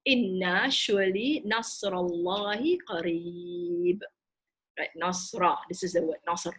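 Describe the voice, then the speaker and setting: A woman teaching a recorded grammar lesson, explaining terms word by word in a halting way with frequent fillers. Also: lowish voice, animated, fairly bright tone, slightly rough, low-quality recording. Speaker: Quranic Arabic teacher.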